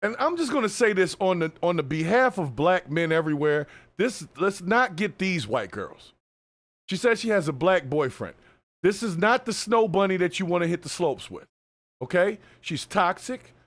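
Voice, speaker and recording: A man's voice: sits high, very animated, moderate pace, a bit bright. A man hosting a reaction video, talking through the clip in a casual, sarcastic and scolding way. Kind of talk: casual commentary.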